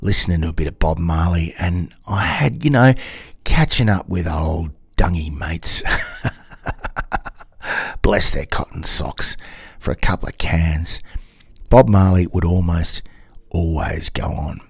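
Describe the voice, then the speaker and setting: A man's voice: deep voice, slow pace, gravelly, pauses often, slightly rough, no room sound, clean studio sound. A man, hosting a music radio show in a rambling, chatty, self-mocking way. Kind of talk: casual music radio presenting.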